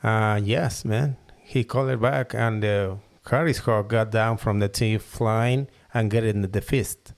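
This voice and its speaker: A man from Mexico whose first language is Spanish, speaking halting English with a Mexican accent as a guest in a casual interview, often repeating words as he searches for them. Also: lowish voice, steady tone, creaky. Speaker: guest falconer and hood maker.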